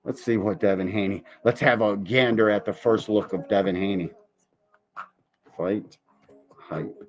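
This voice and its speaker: A man's voice: on the low side, a little slow. Man ranting profanely on a boxing stream. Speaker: podcast host reacting to boxing videos. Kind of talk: casual live-stream commentary.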